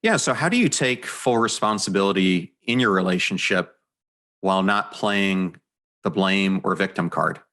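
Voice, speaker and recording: A man's voice: sits low, expressive, moderate pace, pushed and bright. A man hosting a podcast, asking a guest a short, direct question. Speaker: podcast host. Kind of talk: interview question.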